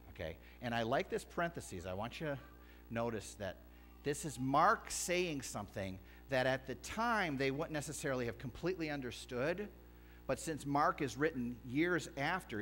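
Man preaching with a lively, swinging voice. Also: medium pitch. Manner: conversational preaching with emphatic scripture reading. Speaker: pastor. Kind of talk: sermon. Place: church sanctuary.

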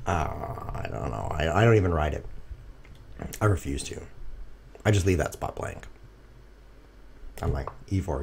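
A man commentating his own chess games on a stream, goofy and self-mocking, talking to viewers and swinging from excited outbursts to quiet mutters. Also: normal speed, gravelly, long pauses, slight background noise. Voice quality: animated, jumps high when excited, drops to mutters. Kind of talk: casual live commentary while playing. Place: home room. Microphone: streaming setup.

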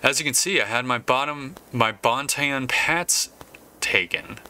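A man's voice: a little slow, sharp tone, slight background noise. A man voicing a pantsless young man who keeps pleading and whining to borrow someone's trousers. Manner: high, wheedling pleas.

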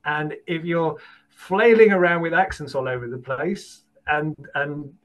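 A British man, an audiobook casting producer, giving encouraging advice in an animated way as a guest, often repeating and restarting words. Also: on the high side, measured pace, rough recording. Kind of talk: conversational interview advice.

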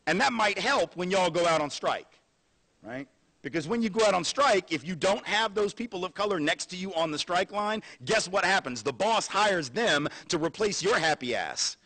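A man lecturing at a university with an animated, sarcastic energy. He talks conversationally, in a fairly high voice. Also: fairly quick. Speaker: guest lecturer. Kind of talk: public lecture.

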